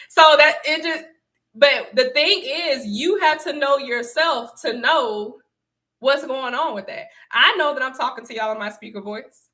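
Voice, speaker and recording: Bright-voiced woman chatting to viewers. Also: high voice, a little slow. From Southern United States. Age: young adult. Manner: chatty, laughs often, emphatic repetition. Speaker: livestream host and speaker. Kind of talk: casual livestream talk to viewers.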